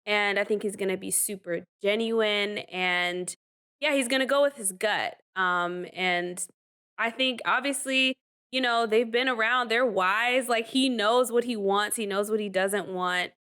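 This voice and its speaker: A chatty woman co-host riffing casually on a dating show. She is animated, breaks into laughter often, and fills her talk with "like" and "um". Her voice sits in a middle pitch, neither high nor low. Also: measured pace, smooth. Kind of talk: casual reality-TV reaction chat.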